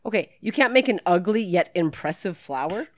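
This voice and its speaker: A woman's voice: on the low side, expressive, fairly quick, no room sound, clean studio sound. A woman co-hosting a podcast, riffing on a movie in casual, crude, joking banter. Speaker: podcast co-host. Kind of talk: casual movie commentary chat.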